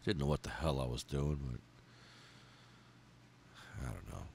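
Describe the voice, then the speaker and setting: A man hosting a podcast, reading out a memorial list in a heartfelt, angry way, swearing and pausing as he falters. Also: a bass voice, lively intonation, creaky, a little mellow, a little hiss or hum. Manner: heartfelt, angry and profane, with halting pauses. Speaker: podcast host.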